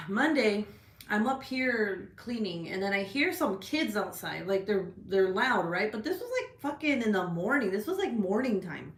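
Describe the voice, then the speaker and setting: A woman telling a story in a casual rant, animated, swearing a lot, with many "like"s and "right?"s. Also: medium pitch, roomy sound. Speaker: vlogger. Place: at home.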